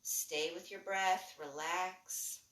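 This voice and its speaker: A woman instructor leading a guided breathing and movement class, giving calm, rhythmic cues that are mostly soft with brighter bursts. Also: lowish voice, takes it slowly, far from the mic. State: lightly breathless while jumping. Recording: echoey room, voice a bit off-mic.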